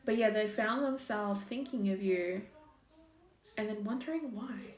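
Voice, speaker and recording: Young woman, casual tarot reader, rambling and chatty, curses now and then, mid pitch, echoey room. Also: fairly even intonation, a little slow, a little mellow, distant mic, slight background noise. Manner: chatty and thinking aloud, swears, full of likes and ums. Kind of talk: casual tarot reading monologue.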